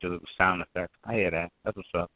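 A man's voice: deep voice, fairly even intonation, fast, vocal fry, dry recording. A man in casual chat, wry and mumbling his banter. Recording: tinny phone-like line.

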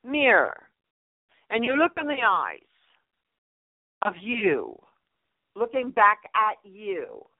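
A woman's voice: medium pitch, wildly swooping pitch, takes it slowly, pauses often, no room sound. Emphatic middle-aged woman on a phone-like line. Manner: emphatic and repetitive, addressing listeners fondly. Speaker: radio show host and numerologist. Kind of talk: inspirational radio advice talk. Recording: narrow phone-like line, dry.

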